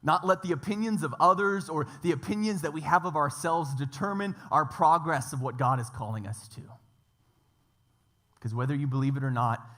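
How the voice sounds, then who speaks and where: A man's voice: medium pitch, a bit bright. A man preaching a church sermon, emphatic, stacking up repeated phrases and lists. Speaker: pastor.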